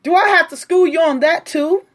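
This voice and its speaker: A woman's voice: very high-pitched, normal speed, a bit bright. A woman doing live-stream commentary, reacting to the news and arguing back at her viewers' comments in an indignant, lecturing way.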